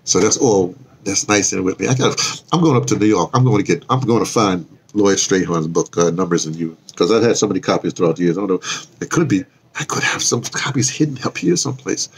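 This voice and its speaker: A man's voice: low-pitched, a little fast, creaky, slight background noise. An older man chatting loosely on a live stream from outdoors, wandering off topic and correcting himself as he goes. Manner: meandering, self-interrupting, chuckling asides. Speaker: vlogger. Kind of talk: rambling live-stream chat. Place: outdoors in the cold.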